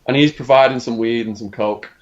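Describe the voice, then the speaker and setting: A man's voice: medium pitch, fairly quick, lo-fi sound. A middle-aged English man, a podcast guest, telling a dramatic story and acting out other people's lines. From England. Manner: animated storyteller acting out quotes. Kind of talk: storytelling interview.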